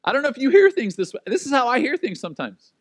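A man preaching a sermon, telling stories with lively energy and acting out the voices of the people he quotes. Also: very high-pitched, fast talker, no room sound. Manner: animated storytelling, acts out quoted voices. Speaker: pastor.

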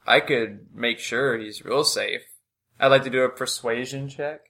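A man's voice: mid-range voice, a little slow, pushed and bright. A man playing in a tabletop game, joking and playful with his character. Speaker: player. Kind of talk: tabletop role-play.

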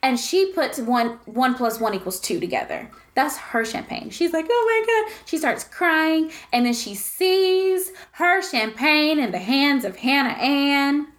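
A woman's voice: sits high, lively intonation, measured pace, few pauses, a bit bright. A young woman co-hosting a podcast, telling stories animatedly in casual gossip chat and swearing freely. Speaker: podcast co-host.

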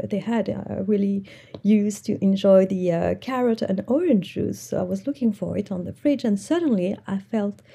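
A woman with a warm, mellow tone and a husky, slightly gravelly texture recounts a personal story. She speaks earnestly and reflectively, like an entrepreneur looking back on her working life. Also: mid-range voice.

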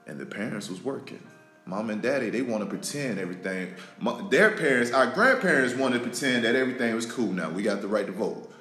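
A man, hosting a podcast and delivering an emotional, preachy monologue that repeats lines for emphasis and swings between loud and soft. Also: mid-range voice, expressive, fairly quick. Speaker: podcast host. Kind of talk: impassioned spoken monologue. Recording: roomy echo with faint music.

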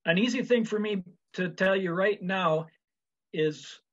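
A man from Minnesota, a wrestling official, talking as a guest in a measured way with many pauses. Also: high voice, fairly bright tone, lo-fi sound. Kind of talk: casual interview chat.

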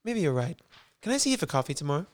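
Man doing a high, stilted melodramatic young woman, posh English accent sliding into American. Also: sing-song, rapid-fire. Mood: dramatic. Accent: posh English drifting into American. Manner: melodramatic, stilted script reading. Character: overwrought young woman on the phone.

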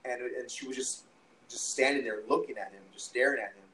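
A young man who is a musician appears as a podcast guest, telling a story in casual, rambling, profane conversation full of restarts and fillers. His mid-range voice is brisk and bright with a forceful tone, and the recording quality is low.

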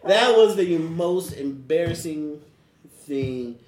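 Man, casual storyteller, laughs a lot, slightly high voice, echoey room. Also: animated, takes it slowly, crowd noise. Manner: laughs through his telling, loose casual speech. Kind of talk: casual anecdote.

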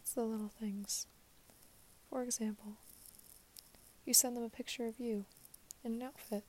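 A young woman giving a reflective spoken monologue, her voice soft and drifting in and out of a whisper. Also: fairly high pitch, fairly even intonation, moderate pace, slight background noise.

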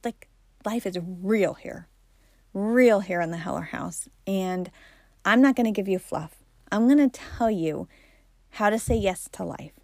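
A woman's voice: medium pitch, measured pace, vocal fry, a little mellow, no room sound, studio quality. A woman in her forties hosting a podcast, telling personal stories in a candid, chatty way and laughing often. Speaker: podcast host. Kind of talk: personal storytelling talk.

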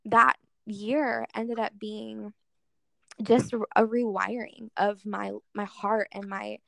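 A woman's voice: mid-range voice, flat delivery, takes it slowly, gravelly, fairly bright tone, no echo. A young woman telling a personal faith story in a casual interview, earnest and full of "like" fillers. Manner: earnest, heavy use of "like" as filler. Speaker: guest speaker in worship ministry.

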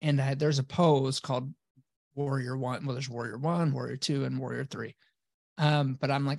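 A man's voice: medium pitch, fairly even intonation, normal speed, creaky, no room sound, clean studio sound. A man telling his own story casually as a guest, blunt and profane, acting out his old replies.

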